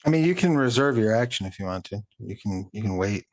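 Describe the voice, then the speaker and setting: A man running a tabletop game as game master, talking in a relaxed, chatty way with plenty of fillers. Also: on the low side, fast talker.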